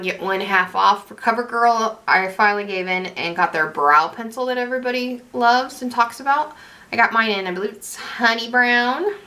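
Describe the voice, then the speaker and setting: A woman's voice: on the high side, bright, forceful tone. A young woman chatting casually through a makeup tutorial, rambling and correcting herself as she goes. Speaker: beauty vlogger.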